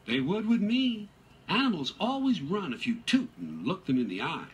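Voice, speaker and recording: A man voicing a vain, boastful female diesel railcar in a high, huffy voice. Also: big pitch swings, normal speed, husky, full character voice.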